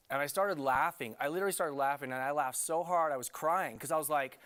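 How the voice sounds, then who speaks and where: A middle-aged man talks in a TV studio interview, rambling eagerly through his points with plenty of fillers. His voice sits a little on the high side. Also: fast talker, few pauses, clear, resonant tone. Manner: animated, rambling with many fillers. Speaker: love coach, guest.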